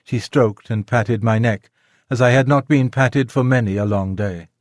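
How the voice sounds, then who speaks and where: Male audiobook narrator, middle pitch, measured and gentle, very dry booth. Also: dry recording. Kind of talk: scripted narration of a classic children's novel. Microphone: close studio mic, dry.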